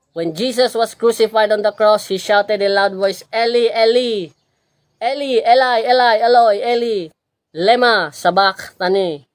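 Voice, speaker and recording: With no echo in the recording, a woman speaks at medium pitch, her Filipino Cebuano accent clear as she teaches a religious lecture. She keeps repeating key words and checks in with her listeners by asking "okay?"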